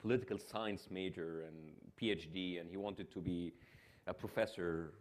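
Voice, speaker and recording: A man's voice: sits low, steady tone. A man with an Egyptian accent, a native Arabic speaker, interviewing a guest on stage and often restarting his sentences. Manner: halting, many restarts and fillers. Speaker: television host and interviewer.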